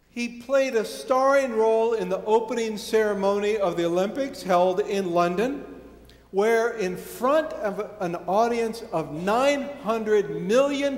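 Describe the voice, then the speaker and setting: A man in his sixties, a pastor preaching a sermon in a church, reading scripture, praying and quizzing his congregation. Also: high-pitched. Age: 60s. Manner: reads scripture, then leads prayer and quizzes the congregation. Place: church sanctuary. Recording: echoey church hall from far off.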